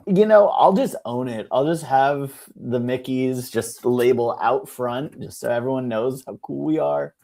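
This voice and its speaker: A young man co-hosting a casual chat show, an animated storyteller who acts out the people in his stories. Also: mid-range voice, a little slow, vocal fry. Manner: animated storyteller, mimics people with shouts and laughs. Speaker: podcast co-host.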